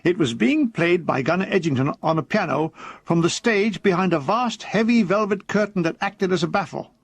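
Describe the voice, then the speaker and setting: High-voiced man reading a comic memoir deadpan. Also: normal speed, gravelly, breathy edge, no room sound. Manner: dry, deadpan comic delivery that briefly puts on voices for quoted characters. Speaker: author reading his own memoir. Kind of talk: comic audiobook narration.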